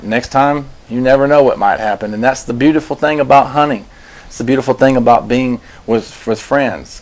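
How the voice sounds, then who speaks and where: A man hosting a story show, telling a personal tale in a loose, conversational way, his voice climbing when excited and sinking low and quiet when reflective. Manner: loose, conversational, restarts and "I was like" asides. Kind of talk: casual spoken storytelling.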